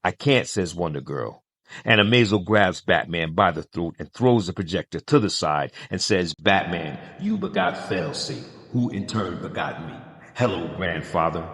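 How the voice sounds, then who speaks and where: A man's voice: sits low, fairly bright tone, dry recording, studio quality. A man narrating a comic book story, reading every character's lines with little change of voice between quotes.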